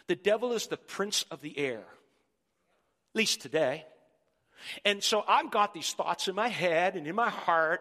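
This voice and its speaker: High-voiced pastor preaching in a hall. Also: male voice. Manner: animated preaching, jokes with the congregation. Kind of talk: sermon.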